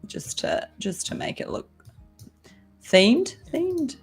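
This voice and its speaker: A woman's voice: on the high side, wildly swooping pitch, takes it slowly, gravelly, breathy edge, faint music behind. A young woman designer chatting casually while she draws on a livestream, thinking aloud as she goes. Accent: Australian-sounding but not Australian. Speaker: designer guest.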